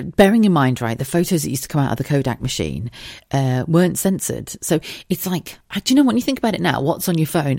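A woman hosting a podcast, telling an anecdote in a chatty, animated way, laughing often and swearing freely. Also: deep voice, creaky, no room sound, studio quality. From United Kingdom. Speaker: podcast host. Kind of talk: casual anecdotal storytelling.

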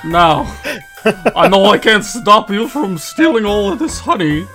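A man's voice: high-pitched, big pitch swings, measured pace, sharp tone, soft background music, pitched above the performer's own voice, full character voice. A man voicing a smug male bear holding a group at gunpoint. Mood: sly. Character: gun-toting male bear, Yogi, smug and threatening.

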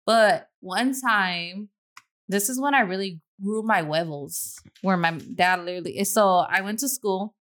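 A woman's voice: mid-range voice, measured pace, fairly bright tone. A woman hosting a casual podcast chat, telling a story bluntly and swearing freely. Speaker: podcast host.

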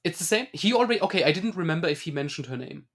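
A man co-hosting a casual movie podcast. He talks in a chatty way, often restarting his sentences. His voice sits slightly high for a man. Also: lively intonation, rapid-fire, fairly bright tone. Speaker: podcast co-host. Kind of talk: casual film discussion.

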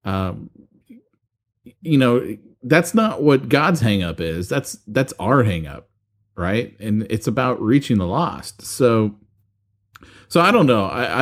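A man co-hosting a podcast in casual chat, bantering and rambling on as he makes his points. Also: lowish voice. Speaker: podcast co-host.

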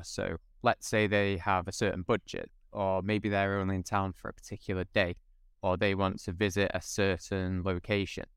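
A man's voice: lowish voice, fairly bright tone, smooth, no room sound, clean studio sound. A man speaking as a podcast guest, explaining steadily in casual conversation.

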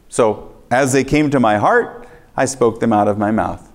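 A man preaching a sermon, telling a personal testimony in a lively storytelling way and acting out his own reactions. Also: medium pitch, moderate pace.

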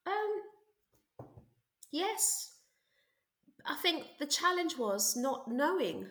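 A woman teacher telling stories in an interview, lively and quick to act out what she said back then. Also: sits high, roomy sound. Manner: lively, acts out her own past remarks with bursts of excitement. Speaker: art teacher and interview guest. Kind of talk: animated storytelling in an interview.

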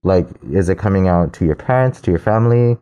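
Deep mellow-voiced man chatting. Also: fairly quick, smooth, muffled recording. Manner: supportive, asks short prompting questions. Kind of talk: casual chat.

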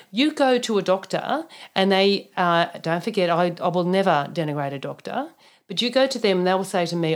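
A woman co-hosting a casual podcast, a practitioner who tells client stories in an animated, blunt way with mild swearing. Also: medium pitch, normal speed. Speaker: naturopath, podcast co-host.

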